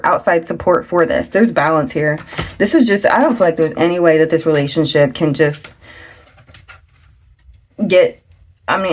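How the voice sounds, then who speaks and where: A woman giving a chatty tarot reading to her viewers. She talks fast and loose, often getting excited, exclaiming and laughing at the cards. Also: on the low side. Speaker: tarot reader. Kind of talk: casual tarot reading to camera.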